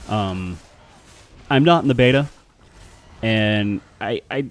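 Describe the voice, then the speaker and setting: A man's voice: on the low side, slow. A man chatting casually on a live game stream, rambling and answering his chat.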